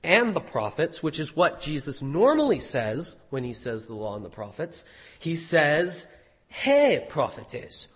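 Man, preacher, slightly high voice, husky tone, teaching sermon, echo of a large hall. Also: wildly swooping pitch, a little slow, fairly bright tone. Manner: earnest teaching with emphatic rises and quoted asides. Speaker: pastor. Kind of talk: expository sermon. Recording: reverberant hall.

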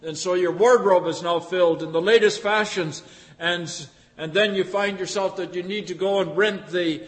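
A man's voice: high-pitched, steady tone, moderate pace, big-room sound. A man preaching a sermon in a folksy, chatty way, asking rhetorical tag questions of his listeners.

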